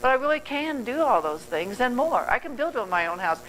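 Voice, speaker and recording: A woman's voice: on the high side, very animated, a little fast, fairly bright tone, slight background noise, rough recording. Rambling older woman giving an earnest talk. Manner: rambling, earnest, self-correcting. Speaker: guest speaker. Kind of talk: motivational talk. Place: club meeting room.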